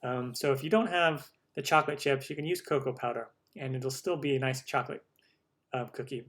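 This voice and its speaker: A man's voice: mid-range voice, fairly quick, a bit bright. A man from the United States hosting a cooking channel live stream, chatting upbeat through viewer questions with lots of ums.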